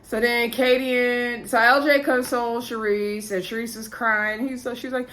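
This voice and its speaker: A woman's voice: on the high side, steady tone, moderate pace, few pauses, fairly bright tone. A young woman casually recapping a reality show, acting out the cast's lines and filling her talk with "like" and "um". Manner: chatty, frequent "like" and "um".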